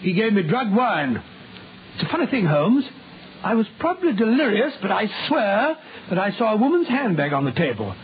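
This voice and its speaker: An actor playing a bumbling, loyal Doctor Watson in a 1940s radio drama, with a hesitant, stammering delivery. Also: male voice, high voice, big pitch swings, normal speed, breathy edge, full character voice. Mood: earnest. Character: bumbling loyal Dr. Watson, middle-aged Englishman. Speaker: narrator in character. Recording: tinny old radio broadcast.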